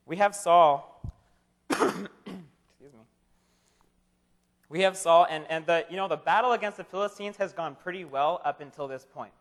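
Young male preacher, high voice, casual joking sermon, stumbles and repeats words, recorded in a hall with a long reverb. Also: moderate pace, long pauses. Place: chapel or hall with an audience.

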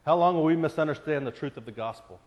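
Earnest preacher in a reverberant hall. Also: male voice, a little high, quick pace, lo-fi sound. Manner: earnest, rising to pleading intensity on repeated questions. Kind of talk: sermon.

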